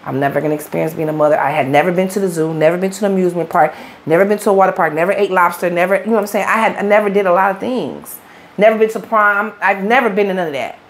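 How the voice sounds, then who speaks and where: A woman's voice: medium pitch, fast talker. A middle-aged woman with a Chicago accent, an interview guest telling her story in blunt, profane street talk. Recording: faint background noise.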